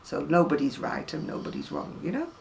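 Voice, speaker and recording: Talking to camera about her crochet, an older Englishwoman who vlogs on the craft rambles and pokes fun at herself. Her deep, creaky, darkish voice is very animated and fairly quick, picked up by a distant mic with faint room noise.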